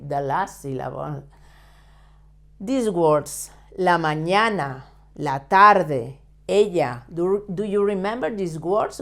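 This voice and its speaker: A woman whose first language is Spanish, teaching a step-by-step lesson in careful, halting English with frequent fillers and self-corrections. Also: fairly low pitch.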